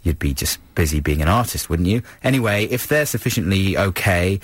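A man's voice: low-pitched, lively intonation, a little fast, breathy edge, dry recording. A British man co-hosting a radio show, chatting and joking in a playful way. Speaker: radio co-host. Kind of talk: casual radio banter.

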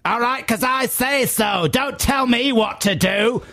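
A man voicing a loud, bossy middle-aged woman who shouts orders in a domineering way. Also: high voice, animated, moderate pace, soft background music, pitched above the performer's own voice. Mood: furious.

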